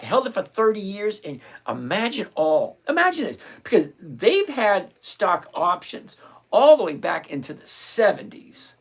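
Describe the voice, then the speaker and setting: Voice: medium pitch, very animated, moderate pace, breathy edge. A livestream host chatting casually about covered calls, joking and greeting viewers by name. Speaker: livestream host on stock options. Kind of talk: casual live chat, reading viewer names.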